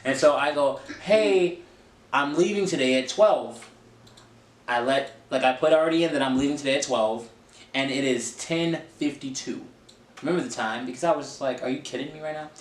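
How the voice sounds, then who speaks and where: A man's voice: mid-range voice, normal speed. A young adult man, a podcast co-host, chatting casually and acting out the voices of the people in his stories. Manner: animated storytelling, acting out quoted voices. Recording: echoey room with faint noise.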